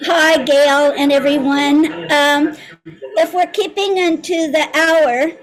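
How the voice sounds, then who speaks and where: A woman's voice: high voice, steady tone, slow pace, low-quality recording. A woman on a video call, telling a personal success story in an earnest, reflective way. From United States. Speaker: community member sharing a story. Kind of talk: casual testimonial on a group call.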